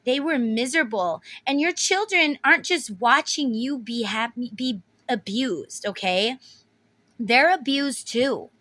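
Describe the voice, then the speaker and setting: Blunt, bright-voiced woman tarot reader. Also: a little high, animated, measured pace. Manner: blunt, emotional, swears freely. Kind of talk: casual tarot reading video.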